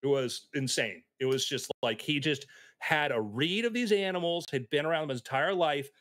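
A man telling anecdotes in a casual chat, animated and acting out the voices of people in his stories. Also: a little high, normal speed, no room sound. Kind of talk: casual storytelling.

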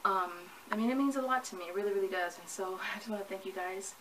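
A young woman vlogging about her pregnancy chats casually to the camera at a quick pace in a mid-range voice, rambling and laughing at herself while hot and sweaty. She sounds far from the mic, with faint ambient noise.

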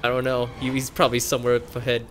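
A young co-op gameplay streamer commentates casually in a medium-pitched, rapid-fire voice over soft background music. Excitable, he laughs, swears, and yelps whenever his character gets hit.

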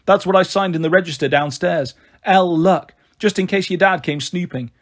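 A man doing a husky, wry young mum on the run. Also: high voice, moderate pace. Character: weary, tearful young mother on the run. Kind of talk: audiobook character voice.

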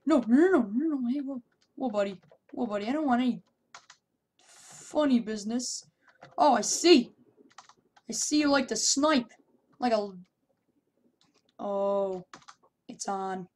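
A young woman commenting on her own gameplay, shouting taunts in bursts and then muttering to herself. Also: fairly high pitch, unhurried, long pauses. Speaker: gameplay YouTuber.

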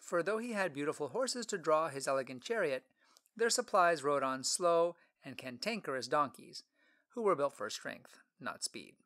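A man narrating an audiobook story in a clear, expressive storytelling manner. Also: a little high.

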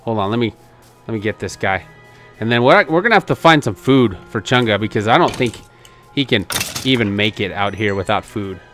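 A man giving excitable gameplay commentary as a channel host, laughing often and coaxing the other players with reassurance. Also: lowish voice, fairly quick, faint music behind.

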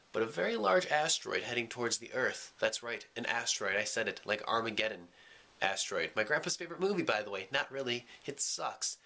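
Young male vlogger, bright voice, goofy rambling jokes. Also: medium pitch. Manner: goofy, joking, rambling with lots of fillers. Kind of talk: casual rambling vlog.

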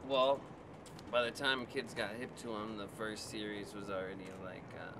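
A man's voice: on the low side, level tone, moderate pace, distant mic, heavy background noise. A man appearing as a musician guest on a game show, answering in a laid-back, mumbling way with short replies. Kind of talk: casual chat.

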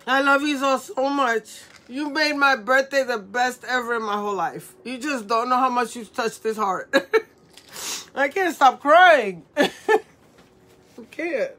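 A woman's voice: on the high side, a little slow, pushed and bright. A middle-aged woman hosting a live jewelry sale, tearful and laughing through her words, affectionately greeting viewers by name. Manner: affectionate, calls viewers mamacita. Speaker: live-stream jewelry seller. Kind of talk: emotional live-stream sales chat.

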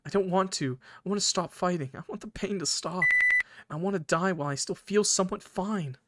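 A man voicing a frail, resigned mushroom girl in a game, speaking softly and pleading. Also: sits high, a little fast, very noisy, pitched above the performer's own voice, close to an everyday voice. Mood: weary.

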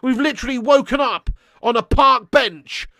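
A man's voice: very high-pitched, normal speed, no room sound, studio quality. A young man, ranting and swearing as he reacts live to a football match. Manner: ranting, sweary, shouting in frustration. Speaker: football fan streamer.

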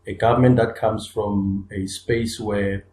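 A man's voice: lowish voice, level tone, measured pace, a little mellow. A man co-hosting a podcast, talking earnestly and building up points with repeated restarts and emphatic rises. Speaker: podcast co-host. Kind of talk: conversational discussion. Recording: echoey room.

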